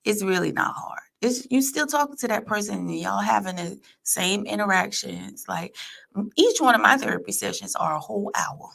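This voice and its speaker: Animated, gravelly-voiced middle-aged woman. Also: medium pitch, normal speed. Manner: animated storyteller, slangy, laughs often. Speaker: podcast guest. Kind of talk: casual chat. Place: podcast studio.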